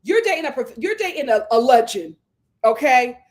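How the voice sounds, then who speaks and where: A woman, giving an animated, gossipy live review of reality TV. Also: high voice, normal speed. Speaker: show reviewer.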